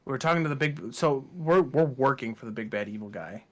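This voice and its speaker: A man co-hosting a podcast, talking in a relaxed, chatty way about tabletop games. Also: mid-range voice, a little fast. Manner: relaxed, chatty, with fillers and laughs. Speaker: podcast co-host. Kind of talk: casual chat.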